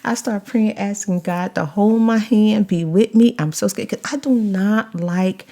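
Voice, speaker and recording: A woman vlogger and mother, telling a story in a casual, animated way and stretching words for emphasis. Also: medium pitch. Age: adult, mother of a child. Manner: animated retelling, drawn-out emphasis.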